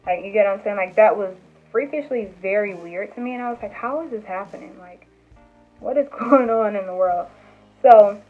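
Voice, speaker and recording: A young woman vlogger telling a personal story in a casual, animated way, with lots of "like" and "um" and acted-out quotes. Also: mid-range voice. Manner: animated retelling with acted quotes, many fillers. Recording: tinny phone-like sound with faint music.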